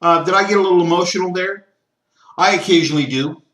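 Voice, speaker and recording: A man hosting a solo sports talk podcast, opinionated and given to rants, with frequent fillers and throat-clearing. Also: high voice, fast talker, a bit bright, echoey room. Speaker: podcast host.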